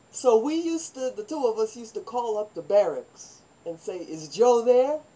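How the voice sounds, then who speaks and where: A woman's voice: on the high side, unhurried, breathy edge, rough recording. Older woman telling rambling life stories. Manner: rambling, animated, acts out quoted voices. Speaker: vlogger telling her life story. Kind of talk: personal storytelling monologue.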